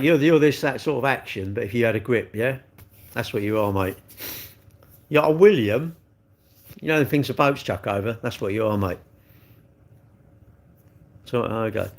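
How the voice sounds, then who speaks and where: A middle-aged man, chatting on a live stream and ranting with rhetorical questions. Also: on the low side. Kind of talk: casual live-stream chat.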